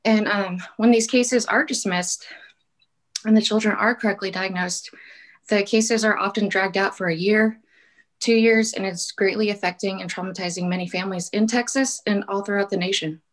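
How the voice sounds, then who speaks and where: Woman caller, earnest public comment, mid-pitched, pleading tone. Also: steady tone, moderate pace, low-quality recording. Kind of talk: public testimony over a call. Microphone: call-in audio.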